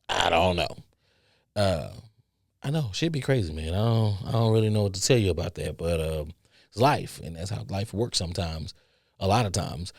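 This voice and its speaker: A man's voice: sits low, animated, normal speed, dry recording, clean studio sound. A man hosting a podcast, telling a story in casual chat that rambles and repeats, with stutters, restarts and free swearing. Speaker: podcast host.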